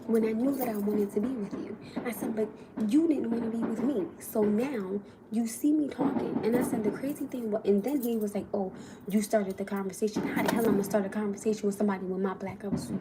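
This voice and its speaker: An animated young woman tells a heated story on a livestream. She talks casually, quotes what others said and swears freely. Audible noise sits under her voice. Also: medium pitch.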